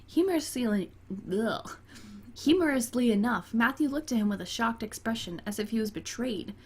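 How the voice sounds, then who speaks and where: A woman's voice: on the high side, expressive, normal speed, a little mellow, breathy edge. A woman gamer reading a dating game aloud and breaking off into chatty, giggly asides, including talking to her cat. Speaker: let's play gamer.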